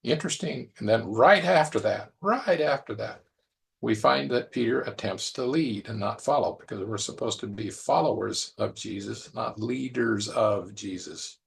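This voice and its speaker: A man's voice: fairly low pitch, normal speed, creaky. A man preaching a conversational sermon, musing aloud and repeating phrases as he reflects.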